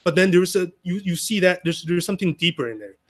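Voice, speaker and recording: A man's voice: sits high, animated, fast. Man giving a chatty sermon. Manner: conversational, many restarts and "you know". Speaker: speaker sharing a Sunday message. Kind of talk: informal sermon.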